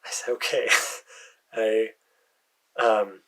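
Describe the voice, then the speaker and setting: An American man narrates his own fantasy adventure in the first person, his voice husky and breathy. He talks in a hesitant way, with fillers and soft muttered asides. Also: mid-range voice, fairly even intonation, measured pace, rough recording. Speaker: storyteller.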